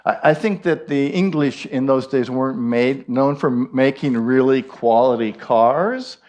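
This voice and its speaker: A man's voice: medium pitch, measured pace, a little mellow. A man with an Irish accent giving a conversational storytelling sermon, folksy with frequent asides. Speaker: minister giving a talk.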